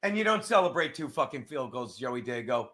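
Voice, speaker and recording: A man's voice: medium pitch, big pitch swings, brisk, fairly bright tone. A male show host in a crude, profane sports rant, mocking and reacting to a press conference clip.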